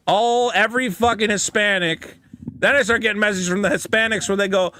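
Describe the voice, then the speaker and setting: A man's voice: high voice, steady tone, brisk, pushed and bright, slight background noise. A man co-hosting a podcast, rambling and swearing through comic stories. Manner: profane, rambling, jumps into mocking voices. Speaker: podcast co-host. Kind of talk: casual comedic chat.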